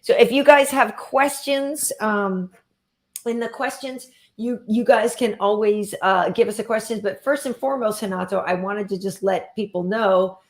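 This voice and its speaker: A woman's voice: mid-range voice, fairly even intonation, moderate pace. Laid-back woman host in an echoey room. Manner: laid-back, reads viewer comments aloud. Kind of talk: casual chat.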